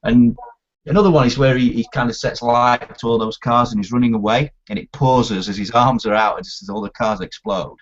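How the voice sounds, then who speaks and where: A man in casual film chat, animated and swearing a lot as he acts out scenes he loves. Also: medium pitch, brisk, muffled recording. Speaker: podcast co-host.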